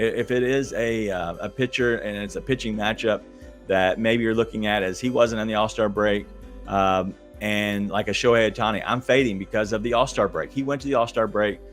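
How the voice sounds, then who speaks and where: A man's voice: lowish voice, a bit bright. A man hosting a podcast, giving casual sports betting advice in a chatty, hesitant way straight to his listeners. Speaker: podcast host.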